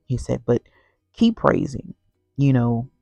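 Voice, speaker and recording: A woman's voice: very deep voice, very animated, slow, gravelly, dark tone, no room sound. A woman telling a personal faith story to the camera, rambling and earnest, with constant "you know" fillers. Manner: earnest and heartfelt. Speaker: vlogger sharing a personal story. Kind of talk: casual faith testimony.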